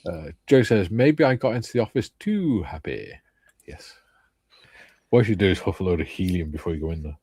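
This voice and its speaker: A man's voice: low-pitched, animated, brisk, mellow, husky, no echo. An older man hosting a casual livestream, joking as he reads out viewers' comments. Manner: jokey, reads out chat comments. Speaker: livestream host.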